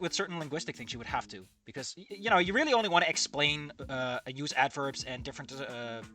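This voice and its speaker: A man reads a fan story aloud and comments on it, ranting and swearing with stammering restarts. His voice is a little high, pushed and bright.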